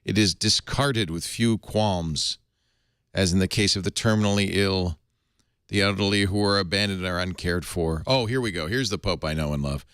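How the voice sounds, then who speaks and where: A man's voice: low voice, normal speed, a bit bright, clear, resonant tone, no room sound, clean studio sound. A man hosting a casual tech panel chat, joking, laughing often and reading quotes aloud. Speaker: podcast host.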